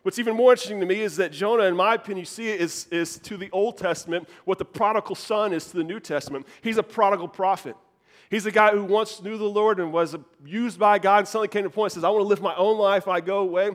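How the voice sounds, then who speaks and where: A male pastor delivers a sermon in a fairly high voice for a man. He preaches with animated, rising emphasis and repeats his key lines for effect. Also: fast talker.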